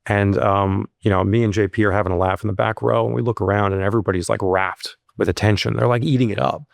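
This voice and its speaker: A man who runs a security company, telling stories in a casual interview, full of fillers and restarts, jumping much higher in pitch when he acts out what people said. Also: quick pace, gravelly, no room sound, studio quality. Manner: animated, rises sharply when acting out quotes. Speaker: security company CEO, guest.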